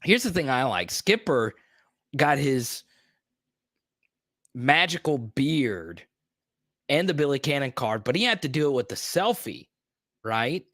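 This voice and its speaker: A man's voice: mid-range voice, big pitch swings, a little slow, pauses often, a bit bright, dry recording, studio quality. A man hosting a live stream in casual chat, playful and teasing, with a joking repeated "huh?".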